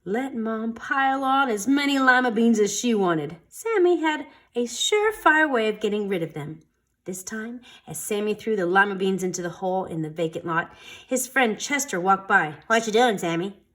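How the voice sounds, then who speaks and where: A woman reading a children's storybook aloud in an expressive, dramatic storytelling manner. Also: medium pitch, moderate pace. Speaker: storytime reader.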